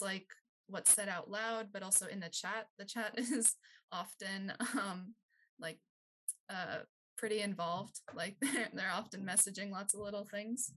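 A woman's voice: medium pitch, a bit bright, poor audio. Hesitant young woman podcast guest. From Maryland, US. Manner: hesitant, many fillers and light laughs. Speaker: guest, youth outreach director. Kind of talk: casual podcast chat.

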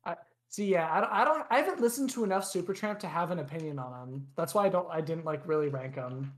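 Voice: mid-range voice, fast. Blunt, opinionated young podcast co-host. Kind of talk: casual podcast chat.

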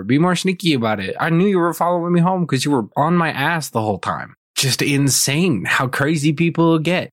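A man's voice: medium pitch, fairly bright tone, no echo, studio quality. Blunt, foul-mouthed podcast guy. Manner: blunt and profane, swears freely. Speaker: podcast host. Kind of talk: casual storytelling rant.

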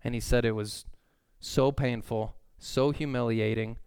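Man preaching, thirties, earnest and conversational, smooth resonant voice, dry close sound. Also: mid-range voice, a little slow, dry recording. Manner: earnest, conversational preaching with sudden excited outbursts. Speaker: pastor. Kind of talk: sermon.

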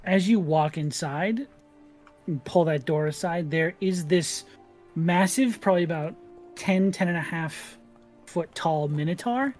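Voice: mid-range voice, a little mellow. A game master narrating a tabletop game in a casual, descriptive way with frequent fillers.

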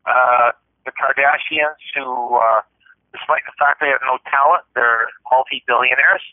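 A man hosting a casual podcast, telling an animated story and acting out the voices of the people in it. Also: mid-range voice, a little slow, no room sound. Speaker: podcast host. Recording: dry tinny phone-like sound.

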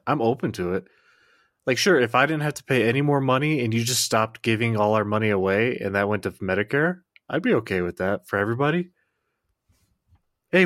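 A man's voice: medium pitch, a bit bright, dry recording, studio quality. A young man co-hosting a podcast in casual chat, sarcastic and profane. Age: young adult. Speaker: podcast co-host.

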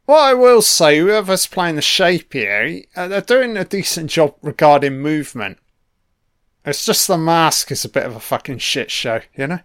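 A man's voice: on the high side, expressive, normal speed, fairly bright tone, no room sound, studio quality. A man giving a casual, blunt film commentary, swearing constantly and full of opinions.

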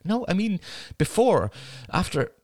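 A man puts on a flustered woman friend for an audiobook, lifting his low voice well higher for her. She stammers and apologizes in breathless, uneven bursts. Dry, close sound. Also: big pitch swings, unhurried, a little mellow, no room sound. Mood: evasive. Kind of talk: audiobook character voice.

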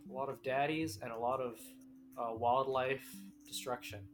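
A woman co-hosting a casual podcast chat, joking, excitable and swearing casually. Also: extremely low pitch, normal speed, over music. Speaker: podcast co-host.

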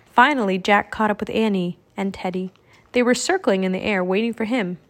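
A woman narrating a children's audiobook with clear, expressive storytelling. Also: medium pitch, brisk. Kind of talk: audiobook reading.

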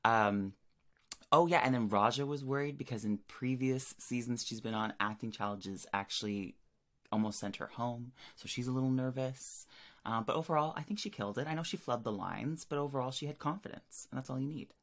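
A man's voice: mid-range voice, a little fast, fairly bright tone. Male co-host, playful and chatty, running through notes on an episode. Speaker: podcast co-host. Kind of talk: casual chat recapping an episode.

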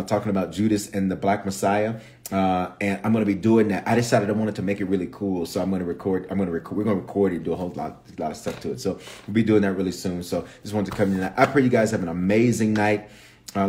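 A man's voice: on the low side, a little mellow, a little hiss or hum. A man with a Memphis accent, a bishop giving livestream Bible teaching with slangy storytelling and asides to viewers. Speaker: bishop and pastor.

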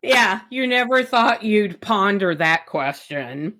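A woman co-hosting a casual podcast, chiming in with quick reactions and laughter. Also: medium pitch, expressive, bright, forceful tone. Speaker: podcast co-host. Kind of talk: casual book-recap chat.

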